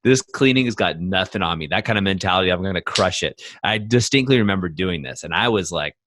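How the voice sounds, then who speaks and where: A man co-hosting a podcast and coaching men, telling stories in an emphatic, animated way full of fillers. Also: sits low, quick pace. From United States. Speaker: podcast co-host, men's coach. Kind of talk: casual podcast conversation.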